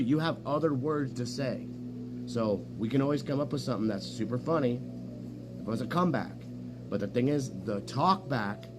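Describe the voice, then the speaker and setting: A man streaming a casual, rambling chat, swearing often and bragging as he jumps from story to story. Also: mid-range voice. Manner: profane, boastful, jumps between stories. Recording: noisy room with hum.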